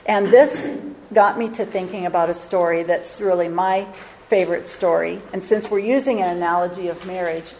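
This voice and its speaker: A woman's voice: mid-range voice, darkish tone, a little hiss or hum, rough recording. A woman giving a sermon, retelling a Bible story in a casual, conversational way with occasional fillers and reading scripture aloud. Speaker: Bible teacher.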